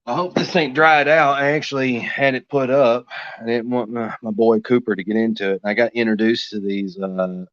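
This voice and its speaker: A man's voice: mid-range voice, steady tone, moderate pace, fairly bright tone, dry recording. A man chatting casually and rambling easygoing while he draws live for his stream. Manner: rambling, easygoing, talks to himself while working. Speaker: artist streaming a drawing session. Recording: dull, dry lo-fi sound.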